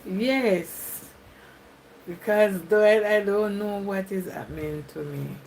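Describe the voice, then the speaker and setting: A woman's voice: medium pitch, slow, vocal fry, a little mellow, slight background noise, low-quality recording. A Jamaican woman chatting with viewers on a live stream, reading comments aloud and laughing often. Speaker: YouTuber.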